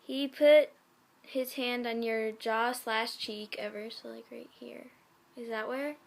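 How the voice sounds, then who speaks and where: A woman's voice: on the high side, fairly even intonation, slow, creaky. A woman reading fan fiction aloud in a casual way, often breaking off to giggle and comment on the text. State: sick.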